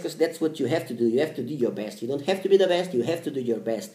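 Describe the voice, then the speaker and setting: A man's voice: mid-range voice, expressive, fast talker, mellow, reverberant. A man, talking casually to the camera about learning languages and often repeating and restarting his phrases.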